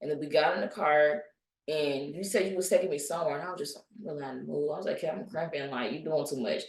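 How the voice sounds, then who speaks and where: Lively young woman telling a story in an echoey room. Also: low-pitched, fast talker, recorded from a distance. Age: young adult. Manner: animated storyteller who acts out quoted voices. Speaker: podcast guest. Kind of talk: casual storytelling chat. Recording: echoey room, a bit off-mic.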